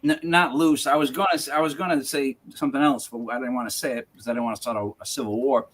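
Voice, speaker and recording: A man's voice: medium pitch, steady tone, quick pace, fairly bright tone. A man co-hosting a live paranormal news show, chatting casually and wandering off on jokey tangents. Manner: rambling, goes off on tangents, jokey. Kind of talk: casual chat.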